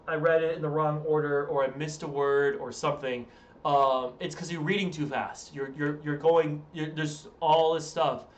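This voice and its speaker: A man's voice: fairly high pitch, fairly bright tone. Tired, rambling male streamer in a roomy echo. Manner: rambling, chatty, self-interrupting. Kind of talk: casual live-stream chat. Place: room at home.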